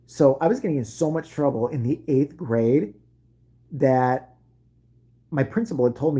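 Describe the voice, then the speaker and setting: A woman's voice: very deep voice, expressive, normal speed, long pauses, dark tone, slightly rough. A middle-aged woman telling a profane comic story about her school days, brash and laughing as she goes.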